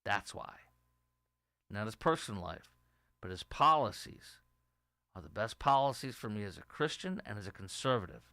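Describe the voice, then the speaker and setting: A man's voice: on the low side, expressive, moderate pace, long pauses, pushed and bright, no room sound. Opinionated middle-aged male talk host. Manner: opinionated, rambling, reads viewer comments aloud. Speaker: political talk show host. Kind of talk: casual political commentary.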